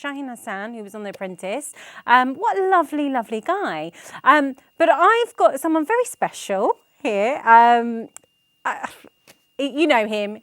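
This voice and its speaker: A woman hosts a studio interview with a bubbly, giggly warmth, her fairly high voice swinging widely in pitch. The sound is close and dry, with no room around it. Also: dry recording. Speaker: TV show host.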